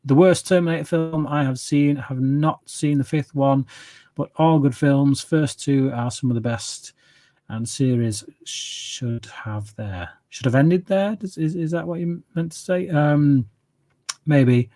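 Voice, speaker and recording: A man's voice: on the high side, a little slow, warm tone. A man hosting a casual livestream Q&A, rambling and opinionated, humming filler syllables while he reads the chat. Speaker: channel host answering viewer questions.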